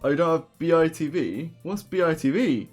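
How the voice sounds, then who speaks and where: A man's voice: on the high side, lively intonation, fairly quick, a little mellow, faint music behind. A young man from England with a southern English accent, chatting casually and joking while streaming a game. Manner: joking, rambling, swears freely.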